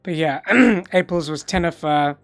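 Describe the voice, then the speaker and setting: A woman with a low voice chats about a TV show as host of a reaction video. Her talk is loose and hesitant, full of fillers, with faint music behind her. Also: unhurried. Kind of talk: casual chat.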